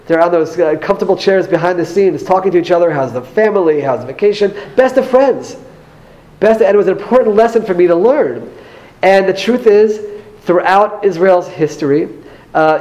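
A man with an American accent speaks to an audience and tells personal anecdotes from his time in parliament. His voice sits a little high for a man. He talks earnestly and brings in light humor as he tells each story. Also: darkish tone, low-quality recording. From United States. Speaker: former member of parliament addressing an audience.

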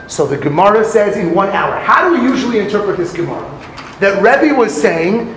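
A man's voice: high-pitched, sing-song, a little fast, fairly bright tone, roomy sound, a little hiss or hum, rough recording. A man giving a sermon on a Talmud story, telling it dramatically with acted quotes and Hebrew phrases. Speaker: rabbi teaching Talmud.

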